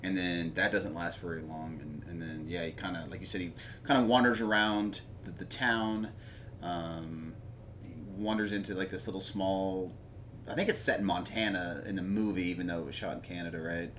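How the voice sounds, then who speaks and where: A man chatting casually about a movie, rambling with lots of fillers and animated retelling of scenes. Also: low voice, moderate pace, slight background noise.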